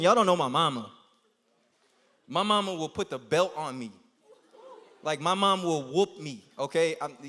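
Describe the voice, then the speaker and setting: A young man giving a youth sermon, telling a story in an animated, slangy way and laughing as he goes. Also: high-pitched. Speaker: youth speaker. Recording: long hall reverb.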